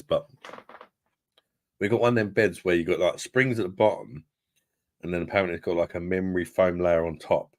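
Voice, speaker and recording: Deep-voiced chatty man. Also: no echo, clean studio sound. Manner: chatty, rambling, laughs often. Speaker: beer review channel host. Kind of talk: casual live-stream chat with viewers.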